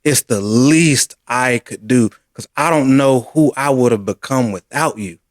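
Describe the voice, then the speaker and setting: A man in casual chat with his wife, earnest and deliberate, slowing down to stress his words. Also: medium pitch, dry recording, clean studio sound. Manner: earnest, deliberate, speaks slowly for emphasis. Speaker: co-host of a couples channel.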